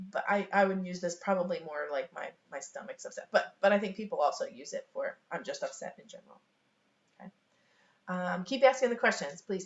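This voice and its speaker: A woman teaching sign language online in a loose, chatty way, with many fillers and small laughs, from a room at home. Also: on the low side. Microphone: webcam on a video call. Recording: echoey, dull home webcam recording.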